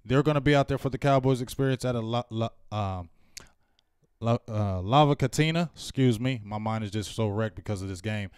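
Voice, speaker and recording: A man's voice: medium pitch, a little fast, a little mellow, clean tone, no room sound, studio quality. A man co-hosting a postgame fan chat, venting with frustration and growing emphatic. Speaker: co-host.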